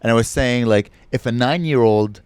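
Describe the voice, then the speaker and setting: A man's voice: medium pitch, moderate pace, darkish tone, clean tone, dry recording. A man co-hosting a comedy podcast in casual banter, teasing and crude with mock anger. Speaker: podcast co-host.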